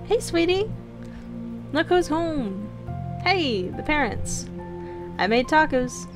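A woman voicing a cheerful, doting mother in a game, lifting her voice higher and sweeter, over music. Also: sing-song, takes it slowly, full character voice.

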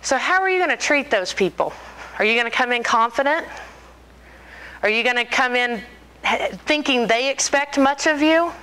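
A woman in her forties telling stories to an audience, animated and joking, laughing often. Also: sits high, normal speed, clear, resonant tone, low-quality recording. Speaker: speaker. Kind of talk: storytelling talk to an audience.

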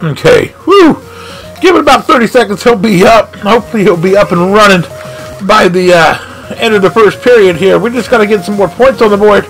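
Excitable gravelly man yelling at a game. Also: sits high, fairly quick, soft background music. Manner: excitable, shouts at the game, lots of exclamations. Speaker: gaming channel host. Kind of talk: live gameplay commentary.

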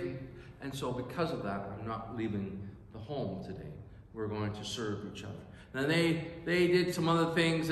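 A man's voice: medium pitch, fairly bright tone. A man preaching a sermon as pastor, telling a story earnestly and with emphasis in a church. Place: church sanctuary. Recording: echoey church hall reverb.

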